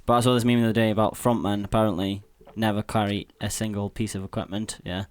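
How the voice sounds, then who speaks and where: A man's voice: on the low side, little pitch movement, quick pace. Teasing, sweary podcast host man. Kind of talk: casual chat.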